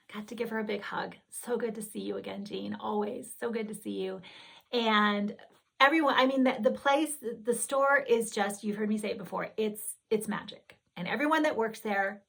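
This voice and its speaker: A woman's voice: mid-range voice, vocal fry, a bit bright. A woman hosting a needlework video, chatting casually and gushing as she rambles and corrects herself. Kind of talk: casual chatty show-and-tell.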